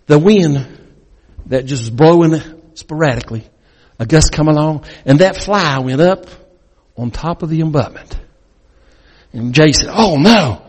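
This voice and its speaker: A man preaching as a guest speaker, telling a dramatic story that swings between loud and hushed. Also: fairly high pitch. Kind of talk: sermon storytelling. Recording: long reverb in a large hall.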